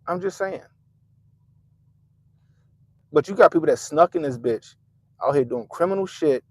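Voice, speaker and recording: A man hosting a profane political commentary rant, mocking and animated, with sudden loud jumps and muttered asides. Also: on the high side, a little fast, no room sound. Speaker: commentary channel host.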